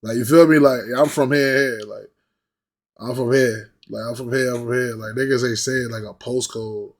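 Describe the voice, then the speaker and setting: A man's voice: medium pitch, moderate pace. A man, hosting a reaction video and chatting casually in slangy, repetitive talk. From New York. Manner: slangy, repetitive, animated when imitating others. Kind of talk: casual rambling chat.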